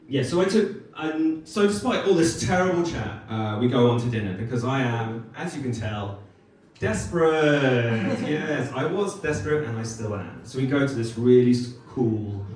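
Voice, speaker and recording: A British man performing a stand-up comedy set on a club stage, wry and self-deprecating, with quick asides and audience laughter behind him. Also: medium pitch, a little mellow. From United Kingdom. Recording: echoey club room, mic from some distance.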